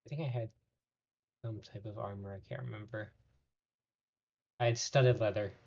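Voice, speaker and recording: Hesitant player on a dull lo-fi mic. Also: male voice, fairly low pitch, fairly even intonation, normal speed, vocal fry, darkish tone. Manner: hesitant, thinking aloud. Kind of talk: tabletop game chat.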